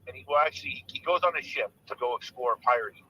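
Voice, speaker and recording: A man's voice: mid-range voice, fast talker, dull audio, a little hiss or hum. A man calling in to a live stream, chatting casually and telling a rambling joke. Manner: rambling, restarts jokes, lively delivery. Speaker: guest caller.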